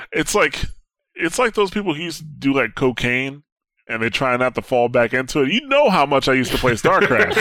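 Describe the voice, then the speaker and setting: Man, podcast co-host, bright sharp voice, dry sound, easygoing gamer banter. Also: mid-range voice, no room sound. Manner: animated, laughs often, swears casually. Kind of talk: casual gaming chat.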